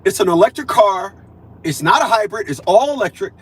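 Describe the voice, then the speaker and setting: Husky-voiced man in his fifties, ranting. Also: high voice, animated, a little fast. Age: 50s. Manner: preachy, repetitive, swings between loud and muttered. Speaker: vlogger. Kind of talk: profane ranting monologue.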